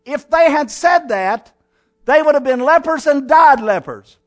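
A man preaching a sermon as pastor, telling the story dramatically and swinging between raised exhortation and quiet, close asides. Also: very high voice, expressive, unhurried. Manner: dramatic storytelling, acting out scenes.

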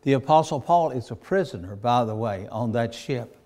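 A man's voice: medium pitch, expressive, normal speed, a little mellow. Repetitive, fervent male preacher. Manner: repetitive, building to emotional peaks. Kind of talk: sermon.

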